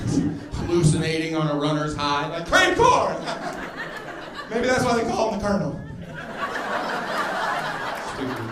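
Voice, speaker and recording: A man with a high voice performs stand-up in a roomy, echoing club. He tells stories and bursts into loud acted-out lines for the other people in them. Clear crowd and room noise runs behind him. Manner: storytelling, acting out other people with loud exclamations. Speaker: stand-up comedian. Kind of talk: stand-up comedy set. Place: comedy club stage before a laughing crowd.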